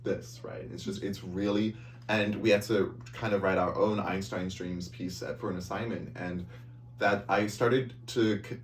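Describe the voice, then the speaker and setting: A man co-hosting a casual podcast chat, telling stories in an animated, playful way with crude jokes. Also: sits low, measured pace. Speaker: podcast co-host. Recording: echoey room from a distance, faint hum.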